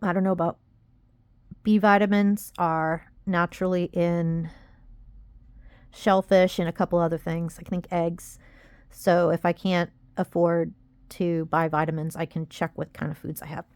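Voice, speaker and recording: A woman's voice: lowish voice, little pitch movement, a little slow, clean tone, no room sound, studio quality. Frustrated young woman venting to camera. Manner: rambling, frustrated, self-critical. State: upset, near tears. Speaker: vlogger. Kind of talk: casual confessional vlog.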